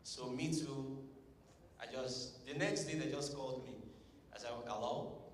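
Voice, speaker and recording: A man's voice: medium pitch, fairly even intonation, a little slow, slight background noise. A man from Nigeria with a Nigerian accent, telling a stand-up comedy story with pidgin asides and acted quotes. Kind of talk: stand-up comedy set at a tech summit. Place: large conference hall. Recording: echoey hall, distant mic.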